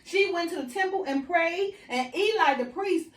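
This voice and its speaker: A woman preaches an informal sermon in a high voice, conversational and full of "right?" and "you know". The room is echoey and she sits some way back from the microphone. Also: lively intonation, moderate pace, distant mic.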